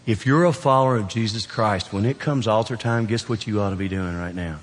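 A man with a Southern Kentucky drawl preaching a sermon in a church, folksy and joking, swinging from loud emphatic peaks down to quiet, low appeals. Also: a little fast, hardly any pauses. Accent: Southern US, South Central Kentucky. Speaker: pastor. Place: church sanctuary. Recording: long hall reverb.

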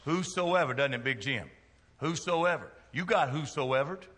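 A middle-aged man, preaching a sermon in a church with folksy jokes and big swings in loudness. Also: fairly high pitch, a little slow, big-room sound. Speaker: pastor. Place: church sanctuary.

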